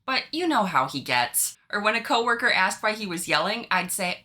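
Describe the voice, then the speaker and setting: A woman co-hosting a casual podcast, reading online posts aloud and chatting with an animated, giggly manner. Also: medium pitch, moderate pace, hardly any pauses. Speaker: podcast co-host reading stories.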